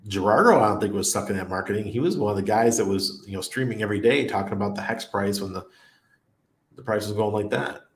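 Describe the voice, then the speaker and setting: A man's voice: fairly low pitch, fast talker, a little hiss or hum. A middle-aged man hosting a casual crypto livestream, reading viewer comments and rambling through anecdotes with frequent laughs. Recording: roomy echo.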